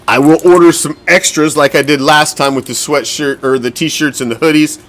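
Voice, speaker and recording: A man's voice: fairly high pitch, steady tone, moderate pace, fairly bright tone. A man hosting a football fan show, talking casually, bluntly and with a lot of profanity, and getting winded as he goes. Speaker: podcast host.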